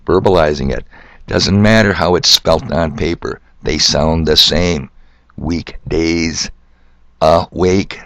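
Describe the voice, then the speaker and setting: A man's voice: low voice, gravelly, a bit bright, no echo, clean studio sound. An older man hosting a solo podcast monologue, rambling and sardonic, asking rhetorical questions and spelling words out letter by letter. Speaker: podcast host.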